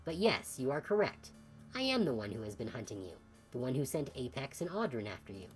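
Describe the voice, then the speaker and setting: A woman voicing a gaunt, sickly older male scientist in video game dialogue, formal and measured. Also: a bass voice, big pitch swings, soft background music. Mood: grave.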